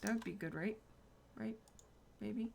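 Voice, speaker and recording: A woman streaming a game at home, chatting excitedly and murmuring to herself as she plays. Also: mid-range voice, a little slow, gravelly, slight background noise. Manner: excitable, chatty, drifts into soft murmurs while playing. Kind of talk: casual gameplay commentary. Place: home room.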